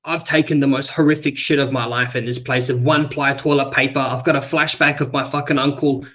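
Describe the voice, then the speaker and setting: A man with an Australian accent, hosting a stream and telling a long, crude, animated story full of swearing. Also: medium pitch, a little fast, lo-fi sound. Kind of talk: casual chat, storytelling.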